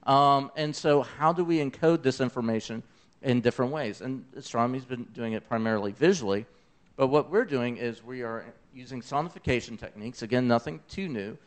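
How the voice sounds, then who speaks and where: The presenter of an eclipse accessibility project, a man from Memphis, Tennessee with a Southern accent, delivers a conference talk in a mid-range voice at a fairly quick clip. He's enthusiastic and conversational, adding fillers and asides along the way.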